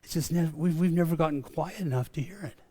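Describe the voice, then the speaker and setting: A man's voice: fairly high pitch, fast, warm tone. A man preaching a sermon in a conversational way, often repeating and restarting words, and calling his own preaching a rant. He sounds middle-aged and speaks as the pastor of his church.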